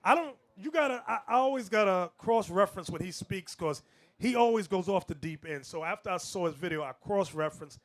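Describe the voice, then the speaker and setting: A man delivers a sermon in a loose, conversational way, stopping to comment and drifting between points. His voice sits somewhat high for a man. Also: expressive, a little fast. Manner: loose and digressive, talking over a played clip. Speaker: preacher.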